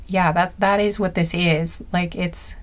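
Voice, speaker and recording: A woman giving a casual spoken intuitive reading, gentle and earnest, often searching aloud for the right words. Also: lowish voice, steady tone, measured pace. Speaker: intuitive card reader.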